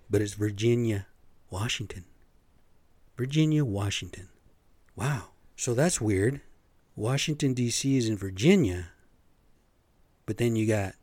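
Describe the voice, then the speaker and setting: A man's voice: mid-range voice, a little slow, pauses often, mellow, no room sound. A man hosting his own podcast, rambling in casual, profane talk with lots of fillers. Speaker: podcast host. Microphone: podcast microphone.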